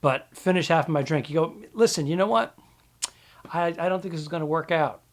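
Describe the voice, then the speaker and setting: Guy cohosting a comedy pod, kinda high voice, teasing questions. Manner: quick questions and teasing interjections. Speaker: podcast co-host. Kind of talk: comedy podcast banter.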